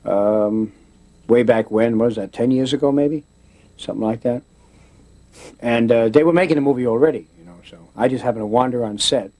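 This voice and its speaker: A man's voice: medium pitch, brisk, pauses often, dark tone. A man in a casual interview, telling stories in a rambling way with many restarts, often slipping into voices.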